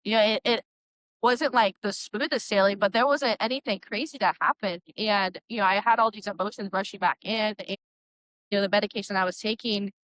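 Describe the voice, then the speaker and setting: A woman's voice: mid-range voice, steady tone, a little fast, a bit bright, no echo, low-quality recording. A young woman, a Christian metal singer, telling her personal testimony in an earnest, rambling way, full of likes and you-knows.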